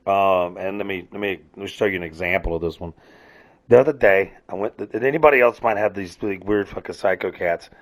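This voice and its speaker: A man's voice: sits low, brisk. A man hosting a casual solo rant, rambling and swearing freely, laughing at himself. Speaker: podcast host.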